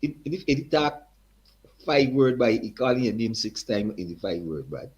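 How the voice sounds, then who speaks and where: A man voicing a short, tough older Guyanese man who talks warmly and insistently, calling people "boy" and "man". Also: mid-range voice, big pitch swings, moderate pace, lo-fi sound, a little hiss or hum, lightly acted. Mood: friendly, coaxing. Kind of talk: impersonation within a story.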